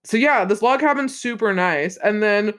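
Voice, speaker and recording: A woman's voice: mid-range voice, a little slow, a bit bright. A woman co-hosting a podcast, casually recapping a film in a rambling way, with lots of fillers, swearing and laughter. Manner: rambling, profane, many fillers, laughs often. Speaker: podcast co-host.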